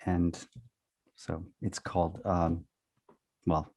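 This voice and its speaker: Deep-voiced man reading his memoir. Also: completely flat delivery, dark tone. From North Carolina. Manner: hesitant with fillers before reading, then measured storytelling. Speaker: screenwriter and writing faculty.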